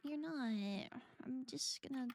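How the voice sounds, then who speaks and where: A woman's voice: high voice, slow, a little mellow. A woman streamer chatting casually and playfully while gaming, humming silly sing-song noises.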